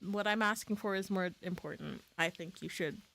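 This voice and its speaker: A woman's voice: fairly low pitch, moderate pace, vocal fry, a bit bright. A woman streaming live in casual chat, playful, laughing often and swearing freely.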